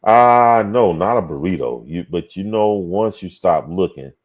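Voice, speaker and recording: A man with a low, expressive, unhurried voice hosts a casual talk show as a livestream chat. He reads viewer comments out loud and reflects on them, humming and sighing.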